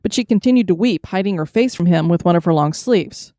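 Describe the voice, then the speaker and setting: A woman podcast host reading ghost stories in a measured, steady narration. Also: fairly low pitch, dry recording, clean studio sound. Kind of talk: storytelling narration.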